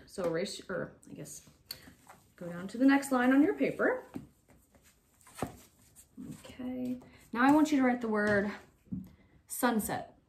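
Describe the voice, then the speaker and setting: A young woman teacher giving slow, clear, step-by-step instructions in a phonics lesson for young children. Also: a little high, a little mellow, slight background noise.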